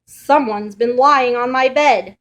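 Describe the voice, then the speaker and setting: A blustering father bear from a storybook, loud and easily alarmed, as a woman reads him aloud. He makes his complaints with exclamations. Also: a little high, slow, pitched above the performer's own voice.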